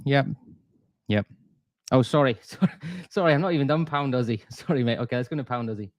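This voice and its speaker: A man's voice: mid-range voice, brisk, no room sound. A man talking casually on a live trading stream, chatty and self-deprecating, full of restarts and asides to viewers. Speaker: forex trader streamer.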